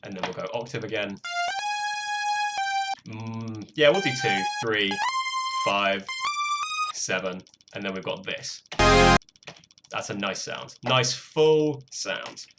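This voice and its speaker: A young British man chats casually while producing music on a live stream, self-deprecating and swearing freely. His voice is fairly low and steady, slow with long pauses, and faint music plays behind it.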